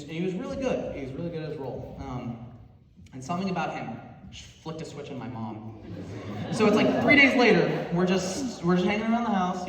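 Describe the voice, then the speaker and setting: A young man doing stand-up comedy, animated and rambling, laughing through his stories with many fillers. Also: fairly high pitch. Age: young adult. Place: theater stage before a live audience. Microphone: audience phone from far off. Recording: echoey hall from far off, audience noise.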